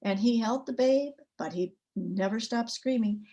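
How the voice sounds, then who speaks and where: A woman storyteller at a story swap, telling a folk tale with an expressive, rhythmic cadence. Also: fairly high pitch, unhurried.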